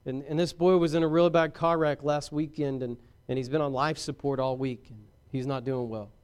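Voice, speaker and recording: A man preaching a sermon as pastor, swinging from shouted points to hushed asides and talking directly to his congregation. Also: medium pitch, steady tone, brisk, smooth.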